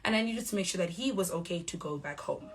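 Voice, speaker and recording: A young woman with a South African accent, giving a measured, firm statement straight to the camera. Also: lowish voice, expressive. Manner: measured, firm, acts out quoted exchanges. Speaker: reality show cast member.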